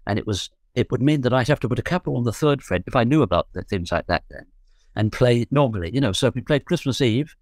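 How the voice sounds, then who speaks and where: A man's voice: medium pitch, lively intonation, fast, dry recording, clean studio sound. Older man telling rambling stories. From London. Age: 70s. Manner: rambling, self-correcting, joking. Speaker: guest musician. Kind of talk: relaxed storytelling.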